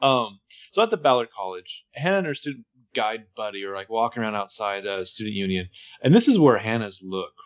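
A man's voice: on the low side, lively intonation, fairly quick. A man co-hosting a podcast, chatting casually as he recaps a TV episode and acts out bits of dialogue. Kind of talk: casual chat.

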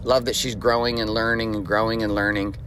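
Man in his 40s, podcast host, forceful bright voice, blunt, emphatic, profane, faint background noise. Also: fairly low pitch, flat delivery, a little fast. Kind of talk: motivational podcast monologue.

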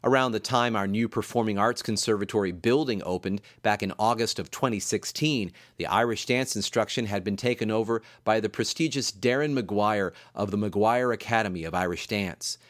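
A man with a somewhat low voice lectures as a composer, explaining rhythms in a measured, teacherly way. He counts beats aloud, dropping his voice for the counts. The recording is dry, with no room echo. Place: room in campus music building.

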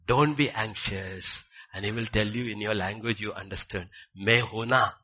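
A male pastor preaching a sermon, swinging between loud declarations and hushed near-whispers, repeating short phrases for emphasis. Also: lowish voice, steady tone, a little fast.

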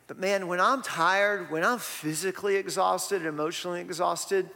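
A man's voice: sits high, normal speed, gravelly, bright, forceful tone. A man, preaching a sermon in a conversational way and tossing rhetorical questions to the congregation. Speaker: pastor. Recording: long reverb of a church hall.

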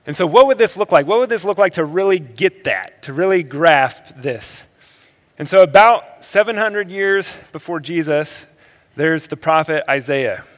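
Preacher with a lively, ringing delivery. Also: male voice, on the high side. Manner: swings between energetic emphasis and quiet, slow reflection. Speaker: pastor. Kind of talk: sermon. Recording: long hall reverb.

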